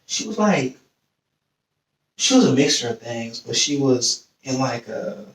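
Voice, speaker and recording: A man's voice: medium pitch, measured pace. A young man hosting a podcast, telling a long personal story casually and acting out the voices of the people in it. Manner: animated storyteller, acts out quoted voices. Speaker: podcast host. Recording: echoey room, distant mic.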